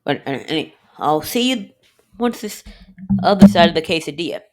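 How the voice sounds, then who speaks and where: A woman's voice: lowish voice, animated, fairly quick, a little mellow, a little hiss or hum. A woman casually narrating a home cooking video, joking to herself and filling gaps with "anyway". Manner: rambling, jokey, keeps saying "anyway"; talks to self and the viewer.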